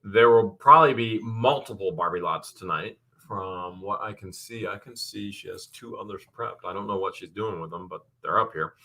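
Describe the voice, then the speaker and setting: A man's voice: fairly low pitch, pushed and bright. A man hosting a live stream, chatting with viewers and calling out bids in a playful, teasing way. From United States. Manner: playful, teasing, quick auction calls. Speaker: host running a live auction stream. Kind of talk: live-stream chat and auctioneering.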